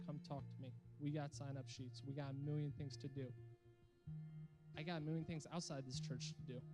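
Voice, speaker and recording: A young man leads a youth group sermon, speaking earnestly and with emphasis as he urges listeners to serve and commit. His voice sits a little higher than most men's. Instrumental music plays clearly behind him. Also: low-quality recording. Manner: earnest and emphatic, with an altar call.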